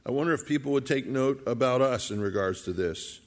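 A man's voice: medium pitch, brisk, few pauses. A man preaching a sermon, retelling a scripture story and acting out the characters' lines in his own voice. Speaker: pastor.

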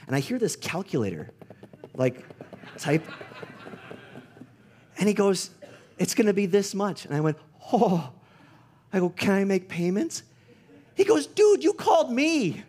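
A middle-aged man preaching a sermon as pastor, telling stories with lively acted-out quotes. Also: medium pitch. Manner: animated storytelling, acts out quoted voices.

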